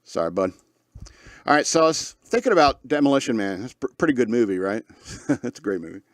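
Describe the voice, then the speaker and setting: A man's voice: mid-range voice, sing-song, fast talker, no echo, clean studio sound. A man hosting a podcast, talking casually and rambling through his opinions with frequent restarts and chuckles. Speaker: podcast host.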